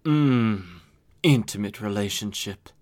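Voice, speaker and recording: A man's voice: on the low side, takes it slowly, a little mellow. A teasing, purring comic-book temptress, as a man puts her on while retelling the story. She coos her invitations in a slightly raised, playful voice. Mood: seductive. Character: seductive comic-book woman turned vamp.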